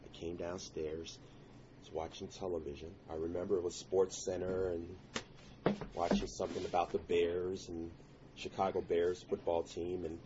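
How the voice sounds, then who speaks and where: A man's voice: low voice, highs cut off, noisy background. A man telling a personal story in an earnest, intense way, breaking into prayerful exclamations. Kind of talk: personal story told to listeners.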